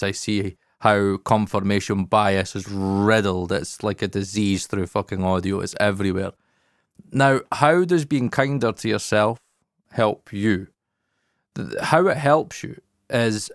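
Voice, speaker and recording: A man's voice: fairly low pitch, no room sound. A man, co-hosting a podcast in casual chat, frank and emphatic, swearing often, close on a studio mic. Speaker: podcast co-host.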